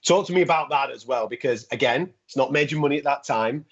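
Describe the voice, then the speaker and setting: A male sports broadcaster interviews a guest, rattling through his questions at a fast clip. His voice is husky and breathy, and it sits in a middle pitch. The audio sounds muffled, like a lo-fi recording. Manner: quick, enthusiastic questioning. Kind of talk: casual interview.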